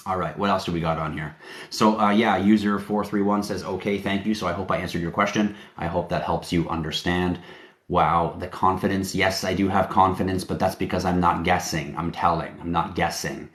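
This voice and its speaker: A man's voice: deep voice, steady tone, fairly quick, fairly bright tone. A man hosting a live stream, talking in an emphatic, confident, preachy way. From Canada. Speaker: livestream host. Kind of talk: casual livestream talk. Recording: roomy echo.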